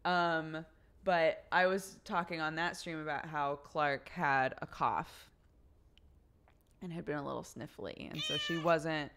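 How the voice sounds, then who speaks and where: A woman's voice: low voice, steady tone, measured pace, a bit bright, clear, resonant tone. A young adult woman livestreamer telling a story in casual chat, swearing freely along the way. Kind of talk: casual chat to a live audience.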